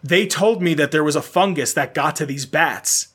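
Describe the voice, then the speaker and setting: Pennsylvania guy on a gaming podcast, bright husky voice, gets all worked up and swears a lot. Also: on the high side. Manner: animated, rants with rapid questions and swearing. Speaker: podcast co-host. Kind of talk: casual gaming podcast chat.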